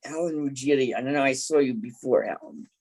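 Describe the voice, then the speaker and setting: An event host introducing poets at a reading, husky and losing their voice. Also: medium pitch, brisk, a little mellow, a little hiss or hum, low-quality recording. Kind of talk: introducing readers.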